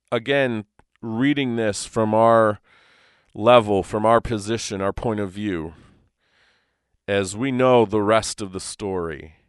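A man's voice: lowish voice, smooth, no echo, studio quality. A man teaching from the Bible on a podcast, earnest and conversational, with frequent restarts.

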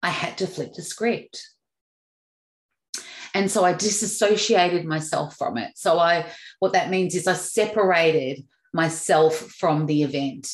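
A woman's voice: on the low side, unhurried, roomy sound. A woman giving an earnest motivational talk, acting out voices as she tells a story. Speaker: motivational speaker.

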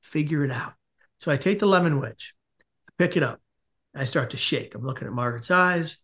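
A man's voice: fairly high pitch, expressive, a little fast, fairly bright tone. A man, a podcast guest, telling a long comic story in casual conversation and acting out the quotes as he goes.

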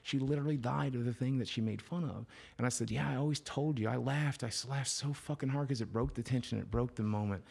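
A man's voice: medium pitch, fast, gravelly, few pauses, darkish tone, husky. A middle-aged man, a podcast guest, telling a personal story candidly, swearing freely and dropping to near whispers at the heavy parts.

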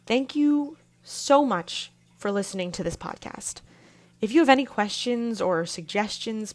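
A young woman hosting her own podcast, telling a family story in a casual, lively way. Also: medium pitch, normal speed. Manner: casual, animated storytelling with laughs. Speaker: podcast host.

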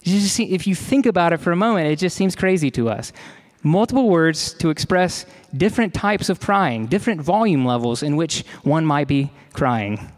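A man preaching a sermon to his congregation, measured and conversational, slowing down to stress key words and adding casual asides. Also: on the high side, lively intonation. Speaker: pastor.

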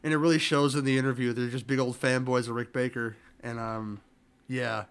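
A man's voice: medium pitch, flat delivery, fairly quick, a bit bright, clean tone. A man talking as a guest on a casual podcast, rambling and often restarting his sentences.

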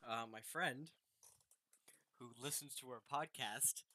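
A man's voice: medium pitch, takes it slowly, bright, forceful tone. A young man co-hosting a podcast, chatting casually in playful, giggly banter over an online call. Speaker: podcast co-host. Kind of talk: casual chat.

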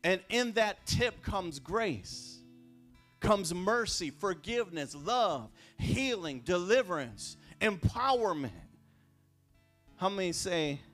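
A man preaching a sermon as pastor, talking in a conversational way with repeated phrases and restarts, dropping quiet and then rising loud. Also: sits high, big pitch swings, slow pace, faint music behind. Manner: swings between hushed and raised. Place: church sanctuary.

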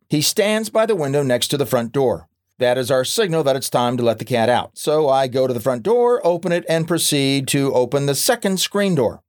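A man narrating a nonfiction audiobook in a wry, gently humorous and measured way. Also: medium pitch.

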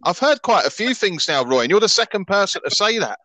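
A man hosts a podcast in a hesitant, filler-heavy way that is still casual. His pitch swings a lot and his tone is bright. The sound is dry and close. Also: very animated, brisk, no room sound, poor audio. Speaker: podcast host. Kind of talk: casual interview chat.

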